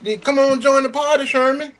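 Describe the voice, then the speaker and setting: A man doing an impression of a hyped-up male trucking streamer, calling out in a high, sing-song way. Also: fairly even intonation, fairly quick, a bit bright. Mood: teasing.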